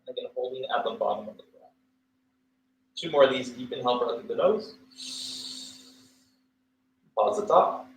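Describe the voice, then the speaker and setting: A man teaching a livestreamed yoga class, cueing poses and breaths in a relaxed, casual way with fillers and small jokes. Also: mid-range voice, normal speed, long pauses. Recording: echoey room with faint ambient noise.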